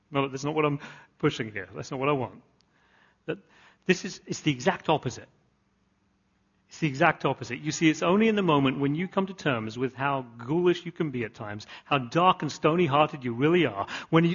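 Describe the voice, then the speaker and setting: A man delivers a sermon in a husky, somewhat high voice. He repeats phrases for emphasis and builds to earnest, rising peaks. The recording sounds dull and lo-fi. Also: a bit bright. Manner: earnest, repetitive emphatic preaching with rising climaxes. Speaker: pastor.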